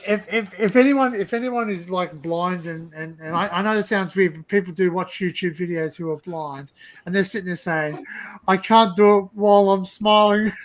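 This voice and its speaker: A man's voice: high-pitched, moderate pace, slight background noise. A man hosting a casual livestream chat with friends, rambling, laughing and repeating his words. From Australia. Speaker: livestream host.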